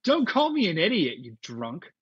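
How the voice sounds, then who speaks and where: A woman's voice: fairly low pitch, wildly swooping pitch, normal speed, husky, dull audio, exaggerated voice. A woman playing a blunt young college guy. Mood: awkward, confrontational. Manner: awkward, then blunt and confrontational. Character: young male college student, defensive and blunt. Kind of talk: livestreamed stage play performance.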